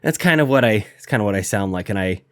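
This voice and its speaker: A man's voice: lowish voice, lively intonation, fast. A man hosting a podcast while sick, short of breath from a cough, talking in a rambling, self-deprecating, upbeat way. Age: adult, married. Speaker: podcast host. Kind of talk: casual podcast chat.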